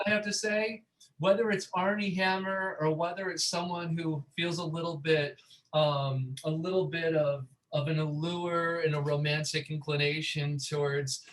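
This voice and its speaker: A man's voice: on the high side, flat delivery, measured pace, a bit bright, poor audio. A man co-hosting a talk show, ranting in a sardonic, joking way while feeling a little under the weather. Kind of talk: casual chat.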